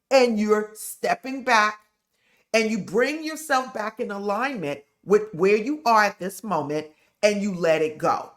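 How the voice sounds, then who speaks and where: A woman's voice: mid-range voice, measured pace. A woman giving a direct, step-by-step spiritual lesson, often checking in with the listener. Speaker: spiritual teacher. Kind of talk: instructional talk to camera.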